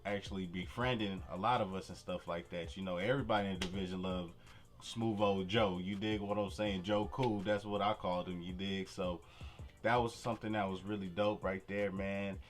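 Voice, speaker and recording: A young man casually telling a personal story to camera, full of slang and "you feel me" asides, with faint music behind. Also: deep voice. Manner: relaxed street slang, frequent "you feel me". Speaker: vlogger.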